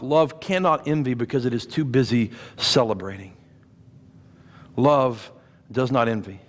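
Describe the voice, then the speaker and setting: Pastor preaching in a reverberant church. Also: male voice, medium pitch, normal speed. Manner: conversational preaching with playful growls and repeated rhetorical questions. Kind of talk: sermon. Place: church sanctuary. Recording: long reverb of a church hall.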